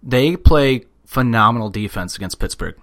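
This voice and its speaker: A man's voice: mid-range voice, animated, moderate pace, a bit bright. A man in casual sports chat, talking heatedly and swearing often. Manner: profane, heated.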